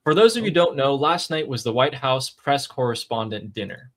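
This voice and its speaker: A man's voice: mid-range voice, sing-song, fairly quick, fairly bright tone. A man co-hosting a political commentary show, explaining the news in a casual, emphatic way.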